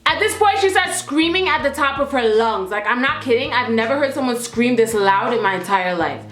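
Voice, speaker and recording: A young woman telling a storytime vlog in an animated, slangy, profane way. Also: fairly high pitch, fairly quick. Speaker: vlogger. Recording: roomy echo, faint music.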